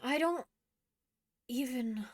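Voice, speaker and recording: A woman's voice: high-pitched, takes it slowly, no room sound. A young woman streaming a game, chatting casually with laughing asides and the odd swear. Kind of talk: casual gaming commentary.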